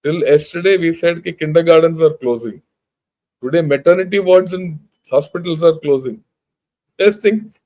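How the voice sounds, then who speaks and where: A retired army general, an older man with an Indian English accent, gives an informal lecture that is blunt, emphatic, and packed with rhetorical questions. His voice is fairly high-pitched with a dark tone at normal speed, and the audio quality is poor.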